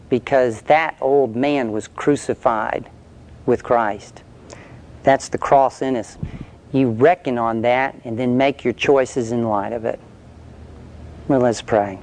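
A man's voice: mid-range voice, darkish tone. A male preacher telling an illustration story in a conversational sermon, then leading a prayer.

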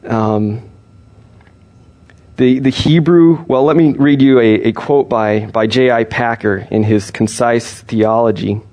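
A man preaching a sermon, explaining scripture in an earnest, steady teaching manner with frequent restarts. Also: mid-range voice, slow.

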